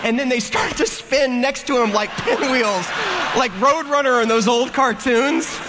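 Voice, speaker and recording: A man preaching a sermon, telling a funny story in an animated way and acting out the characters. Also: very high-pitched, measured pace. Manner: animated, acts out the story with comic voices. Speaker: pastor. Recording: long hall reverb, faint room noise.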